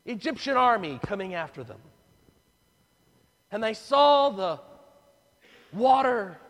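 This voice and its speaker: Speaking at an extremely high pitch with a slightly bright tone, a man preaches a dramatic sermon. He takes on the voices of the crowd as he tells the story, and the long reverb of a large hall fills the recording.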